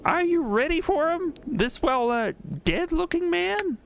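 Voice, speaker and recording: A tiny shopkeeper woman brays in a shrill, very high voice, nagging her dim husband. She scolds without pause. It is a character from a fantasy computer game. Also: lively intonation, gravelly, a little hiss or hum, full character voice. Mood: scolding. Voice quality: braying. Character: shrill braying little shopkeeper wife, scolding.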